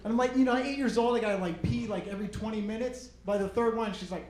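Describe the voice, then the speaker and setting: A man's voice: high-pitched, fast, hardly any pauses. A male stand-up comedian on stage, telling stories and acting out the scenes. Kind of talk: stand-up routine. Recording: roomy club recording, loud noise.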